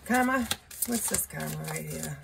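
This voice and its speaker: A woman doing a casual solo tarot reading, slow and musing, thinking aloud with blunt asides. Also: low voice, lively intonation, creaky, very noisy. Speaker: tarot reader. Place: indoor room with a window.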